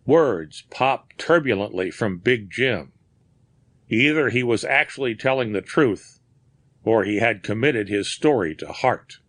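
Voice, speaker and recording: Male audiobook narrator, slow and deliberate, bright tone, dry sound. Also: mid-range voice, lively intonation, dry recording. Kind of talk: scripted narration.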